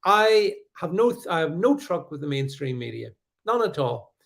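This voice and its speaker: Guy ranting on his livestream, sarcastic, lots of uh and um, voice sits a bit high. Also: very animated, normal speed, creaky, fairly bright tone. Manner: combative, sarcastic, with frequent fillers and restarts. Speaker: livestream host. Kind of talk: live-stream commentary reading viewer comments.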